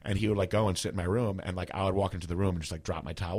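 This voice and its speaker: A man's voice: sits low, fairly even intonation, racing, darkish tone, breathy edge. A man hosting a podcast, telling stories in a casual, rambling way, full of "like" and swearing. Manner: rambling, heavy "like" filler, profane. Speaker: podcast host. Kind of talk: casual storytelling chat.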